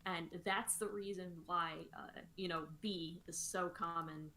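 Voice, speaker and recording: Bright-voiced woman explaining on a stream. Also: fairly low pitch, fairly even intonation, measured pace. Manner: explanatory, many fillers and restarts. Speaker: co-host songwriter. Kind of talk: casual livestream chat.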